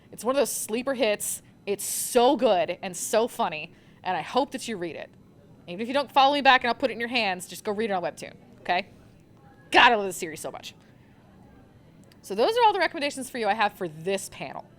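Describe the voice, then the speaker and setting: A young woman recommending manga on a live convention panel, gushing and rambling with lots of fillers. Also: fairly high pitch.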